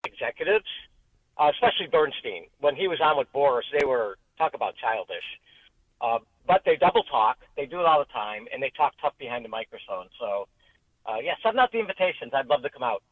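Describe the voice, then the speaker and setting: A man's voice: mid-range voice, sing-song, brisk, no echo. Agitated male caller on a tinny phone line. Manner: agitated, listing complaints. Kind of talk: call-in comment.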